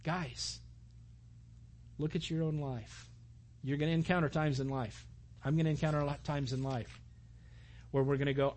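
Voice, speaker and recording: A man preaching a sermon, retelling a scripture story in a lively way and acting out the dialogue. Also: fairly high pitch, moderate pace, pauses often. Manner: animated, acts out the story's dialogue. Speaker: pastor.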